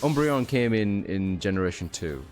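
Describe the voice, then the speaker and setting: A tired young man chats through a video game, slightly low-pitched and rambling, tossing in fillers and offhand swears. Faint game music plays underneath him. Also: expressive, normal speed, a little mellow. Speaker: streamer. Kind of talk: casual gameplay commentary.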